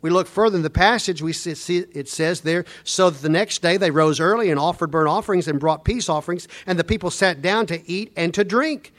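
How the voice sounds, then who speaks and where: Guy preaching, high voice, tells the bible story over and over, gets real quiet for the verses. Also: fairly quick, hardly any pauses. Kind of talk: sermon.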